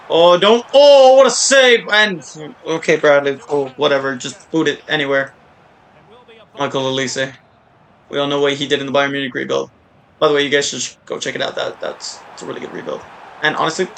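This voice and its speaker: A man giving casual, rambling live commentary while playing a soccer video game, often breaking into excited shouts and cheers. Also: mid-range voice, fairly quick, vocal fry, a little hiss or hum. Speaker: gaming YouTuber.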